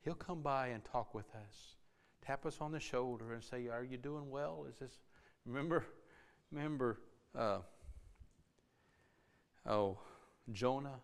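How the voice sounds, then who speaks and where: Impassioned preacher with a smooth voice. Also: male voice, medium pitch, unhurried, pauses often. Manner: swings between impassioned pleading and soft, hushed asides. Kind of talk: sermon.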